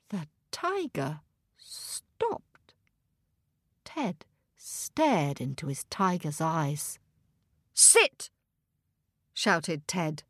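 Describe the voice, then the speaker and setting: A woman narrating a children's story expressively and gently, speaking to young listeners. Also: a little high, no room sound, studio quality.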